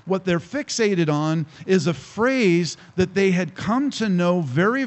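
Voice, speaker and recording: A male pastor preaching a sermon to a congregation, emphatic and slowing down to stress key phrases. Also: sits high. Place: church hall with congregation.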